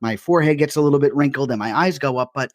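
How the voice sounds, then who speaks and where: A man co-hosting a comedy podcast, telling his stories as animated rants and swearing for laughs. His voice is mid-pitched and sits close and dry on the mic, with no room around it. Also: quick pace, no room sound. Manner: ranting storyteller, swears freely. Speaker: podcast co-host. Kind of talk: casual comedic chat.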